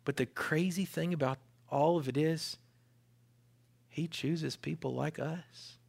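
A pastor preaches in an animated way, his voice climbing in pitch and loudness as he drives his points home. His voice sits a little high for a man and carries a gravelly rasp. He keeps the cadence of a sermon throughout. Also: slow pace.

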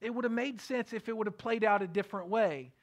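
A middle-aged man preaching a sermon, earnest and repetitive, often dropping his voice to a soft hush. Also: high voice, quick pace. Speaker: pastor.

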